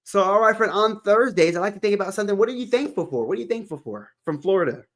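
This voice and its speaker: A man's voice: high-pitched, expressive, quick pace. Upbeat livestream host man from Texas. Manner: upbeat, repeats calls to tap the screen. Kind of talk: casual livestream chat.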